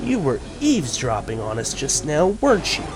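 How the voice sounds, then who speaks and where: A man voicing a menacing adult female game villain with a put-on Russian accent, speaking in a low, threatening way. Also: huge pitch swings, normal speed, noisy background.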